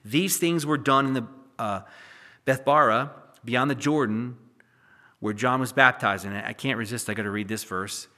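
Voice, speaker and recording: A pastor teaching through scripture, his voice bright and forceful. He declaims the verses loudly, then slips into quiet, conversational explanations and jokes with his listeners. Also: normal speed. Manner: swings from loud scripture reading to low asides. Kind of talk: expository sermon teaching.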